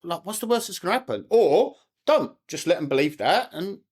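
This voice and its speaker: A man's voice: sits high, very animated, brisk, a little mellow, slightly rough. A man working as a mental performance coach, explaining his approach in a casual podcast chat and checking in with "right?".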